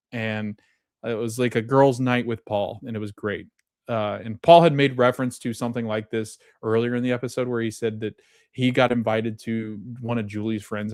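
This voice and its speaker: A man's voice: mid-range voice, no room sound. Guy rambling through a tv recap, lots of ums and laughs, mid voice, dry close mic. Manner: rambling, many fillers and restarts, laughs often. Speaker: podcast host recapping a TV episode. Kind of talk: casual recap chat.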